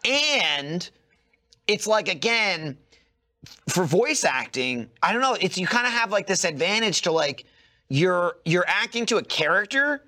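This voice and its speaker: An animated man chatting on a podcast, with a slightly high, bright voice that swings widely in pitch. He is profane and loose, and he keeps breaking into mock voices to act out his point. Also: a little slow. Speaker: podcast co-host. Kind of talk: casual chat.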